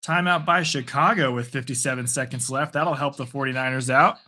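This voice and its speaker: A man hosting live play-by-play and reaction, chatty and casual between quick bursts of calling the action. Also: mid-range voice, steady tone, pushed and bright. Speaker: host.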